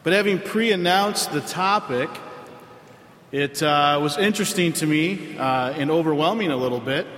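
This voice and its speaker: A man, a pastor giving a sermon in a conversational way with frequent filler pauses. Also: on the high side, a bit bright. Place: church sanctuary. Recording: roomy hall with long reverb.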